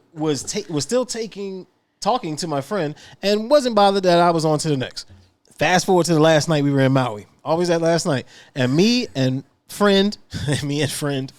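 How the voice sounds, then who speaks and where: A man guesting on a podcast, reading a listener's story aloud in an animated way and laughing often. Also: a little high, no echo.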